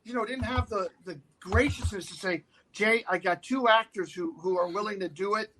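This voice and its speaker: A man in his fifties with a high voice speaks at a moderate pace, captured on a low-quality recording with a little hiss or hum. He's a guest actor casually telling a show-business story, animated and often slipping into the voices of the people he quotes.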